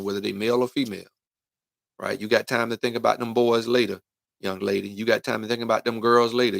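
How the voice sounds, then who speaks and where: In a dry recording, a middle-aged man who coaches youth football speaks in a lowish, creaky, fairly bright voice. His live-streamed motivational talk is folksy and preachy, directed at parents and kids and sprinkled with "right?" and "man."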